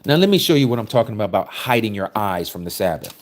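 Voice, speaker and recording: A man preaching a sermon, reading scripture aloud and explaining it with forceful rhetorical questions. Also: on the low side, very animated, fast talker.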